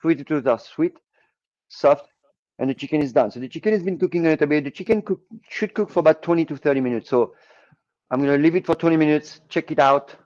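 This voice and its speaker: A French-accented man co-hosts a relaxed cooking talk. He explains the steps in a loose, chatty way and pads his sentences with fillers. The sound is a little dull and lo-fi. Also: a little high, quick pace. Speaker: chef and co-host. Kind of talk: casual cooking chat.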